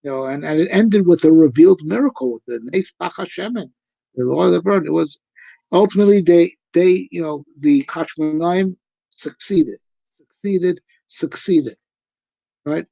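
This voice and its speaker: A man's voice: fairly high pitch, a little slow, gravelly, dark tone, dry recording. A male rabbi giving a live, conversational discourse on Torah, emphatic and full of rhetorical questions. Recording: dull lo-fi recording.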